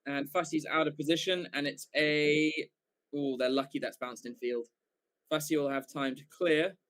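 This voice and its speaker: A man commentates a rugby match live for his stream's viewers, speaking in a slightly higher register than most men. He sounds like an invested fan rather than a broadcaster, excitable and loose, dropping the odd swear word and correcting himself as the play unfolds. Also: normal speed. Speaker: watchalong commentator.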